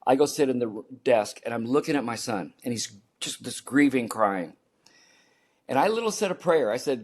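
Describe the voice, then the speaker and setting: A man's voice: medium pitch, expressive, normal speed, darkish tone. Earnest older man telling a story. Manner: earnest, repeats key phrases for emphasis. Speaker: podcast guest. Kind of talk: personal storytelling in an interview.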